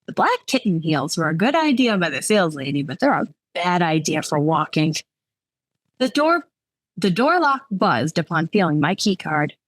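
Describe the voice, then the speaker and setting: A woman author reading her own novel aloud in lively, expressive first-person narration. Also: on the low side, moderate pace, no echo.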